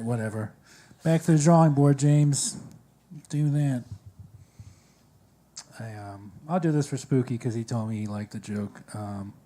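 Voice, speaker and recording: Halting, dry stand-up comic, a man. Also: on the high side. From Maryland. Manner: halting, dry, many fillers. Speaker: stand-up comedian. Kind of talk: stand-up comedy set. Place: coffee shop open mic stage.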